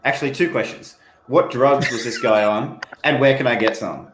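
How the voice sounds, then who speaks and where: A man's voice: mid-range voice, normal speed, a crowd in the background. An Australian man in casual chat on a live stream, ranting and stumbling over repeated words as he starts. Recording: echoey room.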